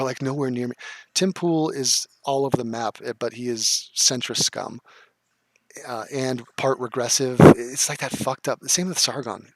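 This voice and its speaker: A man's voice: medium pitch, a bit bright, no echo. Sarcastic, profane male streamer. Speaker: streamer reacting to clips. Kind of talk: casual live-stream commentary.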